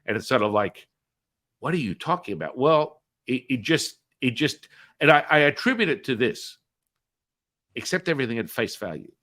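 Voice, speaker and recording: A man hosting a podcast, telling a story in a chatty way with many fillers and tag questions, and acting out the dialogue with big swings in pitch and loudness. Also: big pitch swings, normal speed. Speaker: podcast host. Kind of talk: animated storytelling.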